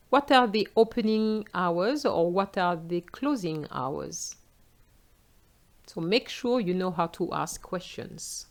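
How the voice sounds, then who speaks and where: Slow, patient French woman teacher. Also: on the low side, lively intonation. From France. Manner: slow, clear explaining, switching into example phrases. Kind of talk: exam tips lesson.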